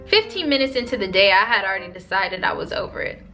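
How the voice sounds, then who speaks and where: A young woman vlogger telling a dating story in lively, slangy storytime style. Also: mid-range voice, fast, music in the background. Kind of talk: storytime vlog.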